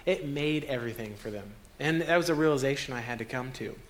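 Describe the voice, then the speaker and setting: A man talking in an earnest, emotional way with halting restarts, recounting a trip as host of a conversation. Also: medium pitch. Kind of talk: casual storytelling conversation.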